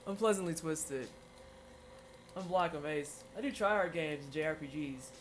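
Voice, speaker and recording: This baking livestreamer has a deep voice at a moderate pace, with a little hiss or hum in the recording. She chats casually with her audience, laughing a lot and tossing out exclamations and playful teasing.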